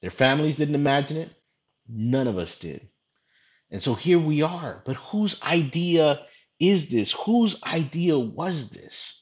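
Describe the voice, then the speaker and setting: Animated preaching man. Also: a little high, a little slow, highs cut off. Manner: animated storytelling preaching, casual slang. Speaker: pastor. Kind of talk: sermon.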